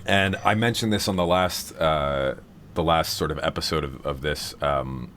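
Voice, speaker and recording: Low-voiced man rambling on a live stream. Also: normal speed, fairly bright tone, a little hiss or hum. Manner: rambling, many fillers and restarts. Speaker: streamer hosting a vocal seminar. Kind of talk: casual live-stream chat.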